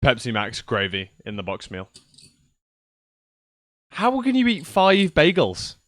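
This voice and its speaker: A man's voice: medium pitch, wildly swooping pitch, slow, no room sound, studio quality. A young man rambling casually to his viewers on a livestream from his computer, swearing now and then. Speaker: streamer. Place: at home at a PC.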